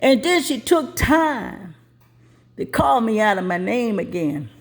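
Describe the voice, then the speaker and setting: Woman storyteller, high voice, folksy colloquial delivery, lively spoken-word performance. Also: slow. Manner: lively, acts out voices as she tells.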